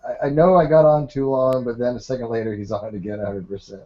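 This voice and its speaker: Lively man hosting a chat. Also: medium pitch, fast talker, hardly any pauses, muffled recording. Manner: laughs often, trails off. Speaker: host. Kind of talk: casual online hangout chat.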